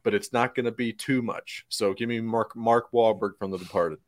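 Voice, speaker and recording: A man's voice: fairly low pitch, fairly even intonation, normal speed. A man co-hosting a casual sports podcast, bantering in an easygoing, emphatic way. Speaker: podcast co-host.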